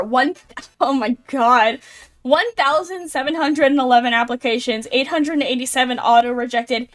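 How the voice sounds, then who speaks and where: A young adult woman streamer giving casual, chatty commentary with lots of fillers and blunt, wry remarks. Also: sits high.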